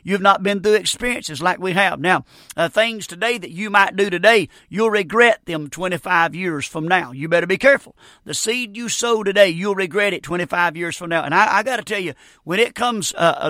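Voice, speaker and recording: A man's voice: high-pitched, brisk, sharp tone, dry recording, studio quality. A middle-aged man preaching a radio sermon in a folksy, emphatic way, often repeating himself.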